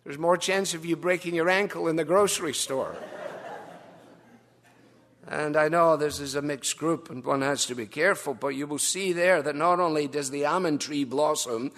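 Wry older preacher. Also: male voice, fairly high pitch, moderate pace. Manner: wry, storytelling, gently humorous. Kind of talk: sermon.

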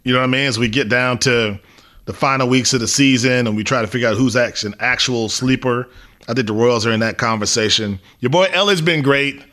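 A man co-hosting a sports talk show, giving his picks in a relaxed, easygoing way. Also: mid-range voice, brisk. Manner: relaxed, easygoing, uneven pace. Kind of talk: casual sports chat.

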